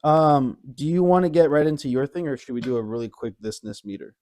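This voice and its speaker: A man co-hosting a casual podcast, telling a lively story with many fillers and frequent laughs. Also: a little high, a little fast. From Arizona. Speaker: podcast co-host. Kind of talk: casual chat.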